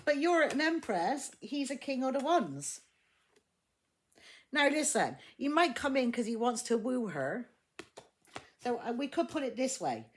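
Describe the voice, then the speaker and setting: A woman's voice: high voice, sing-song, a little slow, pauses often. A woman giving a casual tarot reading, blunt and exasperated, swearing heavily and laughing often. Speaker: tarot reader.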